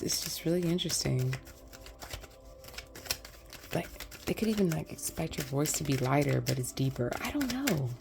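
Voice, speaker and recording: A woman reads tarot cards for her viewers in a loose, rambling, chatty way. Her voice sits low and has a gravelly fry to it. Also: background noise. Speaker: tarot reader. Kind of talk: casual pick-a-card tarot reading.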